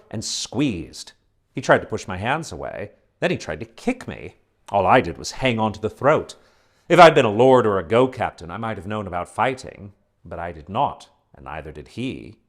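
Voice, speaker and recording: Male storyteller, low voice with wide, lively swings in pitch, dramatic read-aloud. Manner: expressive, dramatic delivery. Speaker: narrator. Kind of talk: dramatic audiobook reading.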